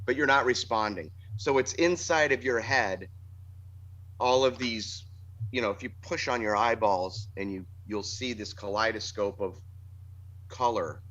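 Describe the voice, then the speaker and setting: A man's voice: medium pitch, sharp tone. A man, a band's singer, talking about his songs in a casual interview, thoughtful and rambling with restarts. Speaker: band singer. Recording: dull lo-fi sound.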